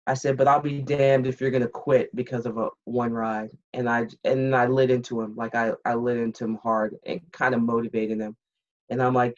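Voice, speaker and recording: On a slightly muffled, dull recording, a woman in her fifties who once flew military aircraft tells a podcast story in a rumbling low voice at moderate speed. She's blunt and candid, acting out the conversation with animation in casual interview style.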